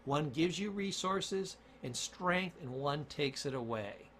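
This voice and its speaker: A man's voice: a little high, expressive, slow pace, a bit bright, slight background noise. A man giving an emphatic motivational lesson on self-talk and word choice, repeating key points for stress. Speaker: communication coach.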